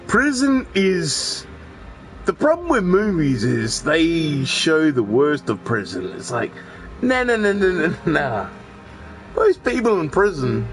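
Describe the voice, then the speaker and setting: A man's voice: fairly high pitch, rough recording. A man, chatting casually and rambling while he plays a video game, swearing freely and often restarting his sentences. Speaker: gaming streamer. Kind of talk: casual chat while gaming.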